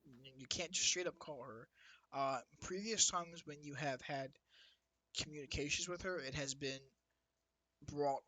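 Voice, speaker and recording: Bright-voiced man running a tabletop game. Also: on the high side, a little slow, no room sound, low-quality recording. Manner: loose, rambling narration with restarts and asides. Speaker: dungeon master.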